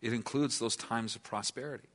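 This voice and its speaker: A man preaching a sermon in an earnest tone, asking his listeners questions and at times dropping to a hushed, near-whispered delivery. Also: mid-range voice, a little fast. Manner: earnest, asks the listeners questions, then drops to a hush. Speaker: pastor.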